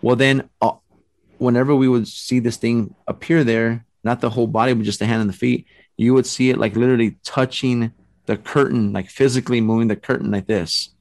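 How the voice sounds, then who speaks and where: A man casually telling a long story, rambling and animated, full of fillers. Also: mid-range voice, brisk, no echo. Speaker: storyteller guest. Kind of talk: casual chat.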